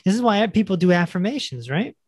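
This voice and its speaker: A man's voice: high voice, very animated, brisk, dry recording. A man hosting a podcast, talking in a reflective, conversational way. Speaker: podcast host. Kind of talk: casual interview conversation.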